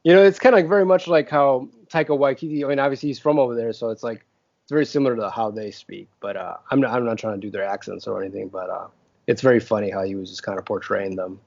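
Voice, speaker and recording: A man's voice: on the low side, fast, gravelly, a little mellow, dry recording, lo-fi sound. A man co-hosting a podcast, rambling through a casual chat with many fillers. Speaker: podcast co-host.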